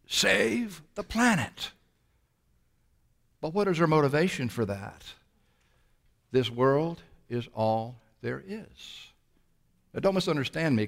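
A man preaching a sermon as pastor, pressing his listeners with rhetorical questions and shifting between quick bursts and slow, drawn-out phrases. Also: medium pitch.

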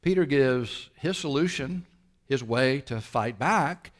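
Man, pastor, sermon, emphatic, rhetorical questions, quick bursts then slow drawn-out phrases. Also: medium pitch, animated.

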